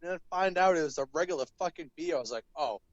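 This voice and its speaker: A man's voice: high voice, racing, no echo, highs cut off. A man from Maine telling a story on a casual podcast, swearing constantly. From Maine, United States. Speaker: podcast co-host.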